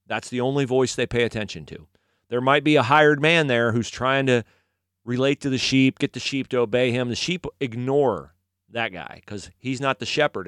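A man preaching a sermon in a conversational, animated storytelling manner. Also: mid-range voice, no echo, studio quality.

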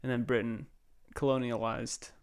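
A man's voice: mid-range voice, little pitch movement, moderate pace, crowd noise. A young man co-hosting a podcast in casual chat, joking and laid-back. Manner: joking, laid-back, drifts into silly put-on quotes. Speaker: podcast co-host.

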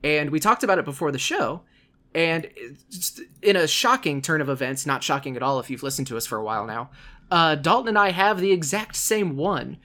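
A man's voice: a little high, brisk, pushed and bright. A man hosting a casual podcast, chatting animatedly, laughing often and acting out quotes. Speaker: podcast host.

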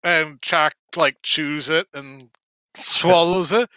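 A man's voice: on the high side, fairly even intonation, takes it slowly, bright, forceful tone, slight background noise. A man playing a tabletop game, describing what his character does in the third person. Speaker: player. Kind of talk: casual tabletop play.

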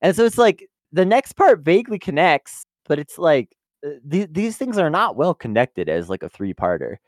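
A man talks in a casual review podcast, his pitch swinging widely and sitting a little high. He sounds exasperated, swears freely and breaks into laughter often. The recording is close and dry. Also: sing-song, moderate pace, no room sound. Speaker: podcast co-host.

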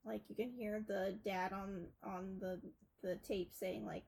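Retelling a film's plot on a casual podcast she co-hosts, a young woman rambles and uses frequent filler words. She speaks unhurriedly, with a mid-range, gravelly, slightly mellow voice and fairly even intonation. The audio is poor, with slight background noise.

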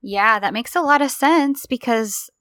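A woman co-hosting a podcast in casual chat, speaking in a measured, thoughtful way. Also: a little high, animated, a bit bright, no room sound, studio quality. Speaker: podcast co-host.

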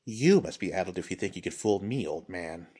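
A man's voice: deep voice, expressive, fairly quick, a little mellow, breathy edge. A man voicing a scarred ronin woman who stays cool and taunting. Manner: silky, taunting.

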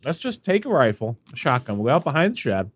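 This podcast co-host speaks fast in a mid-range voice with a breathy edge, recorded with no echo. Sneezing and sniffling, he stays animated and full of jokes while trading banter with his partner.

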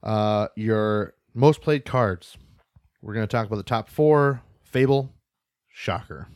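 A man's voice: on the low side, slow pace, a little mellow, no echo, clean studio sound. A man co-hosting a casual podcast, reading out news and events with loose, joking asides and casual swearing. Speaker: podcast co-host.

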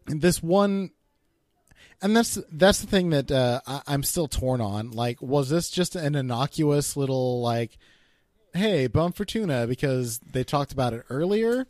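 Male co-host, unhurried delivery, animated pitch, casual and profane. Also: no room sound, clean studio sound. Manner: laid-back, short agreeing replies, swears. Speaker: podcast co-host. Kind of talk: casual recap chat.

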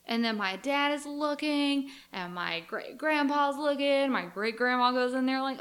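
Young female podcast co-host, fairly high voice, lively storyteller in casual chat. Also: unhurried, few pauses. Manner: animated storytelling, acts out family reactions.

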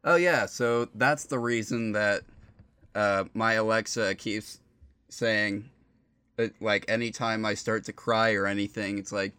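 Young male co-host, low smooth voice, dry humor, rambles a bit. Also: a little slow. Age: young adult. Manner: relaxed, dry, rambling with fillers. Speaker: podcast co-host. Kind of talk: casual podcast banter.

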